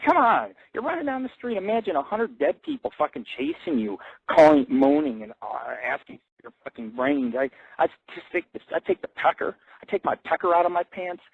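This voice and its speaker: A male radio host rambling through a crude, profane live monologue, swearing constantly and jumping up in pitch when he gets excited. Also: no echo. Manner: excitable, jumps high in pitch on emphasis. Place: hotel in a big city. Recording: tinny phone-line audio, dry.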